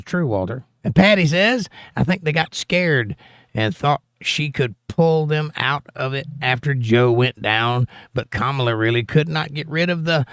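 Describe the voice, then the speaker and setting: A livestream host with a Southern accent and a mid-range voice reads viewers' comments aloud on his casual political stream, adding wry jokes. The audio is clean studio sound with no room sound.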